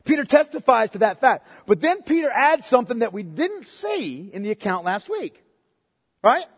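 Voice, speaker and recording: High-voiced pastor preaching in a reverberant hall. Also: male voice, sing-song, moderate pace, breathy edge. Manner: emphatic, checks in with listeners through tag questions. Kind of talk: expository sermon.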